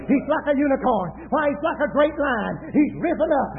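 A man preaching a fervent sermon, impassioned, often shouting and repeating his words. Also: extremely high pitch, animated, brisk, hardly any pauses. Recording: tinny phone-like recording.

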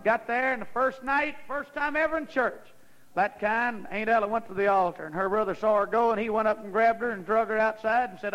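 High-voiced preacher telling a story. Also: male voice, a bit bright, dull audio. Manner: folksy storytelling, rising into fervent preaching. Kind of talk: sermon.

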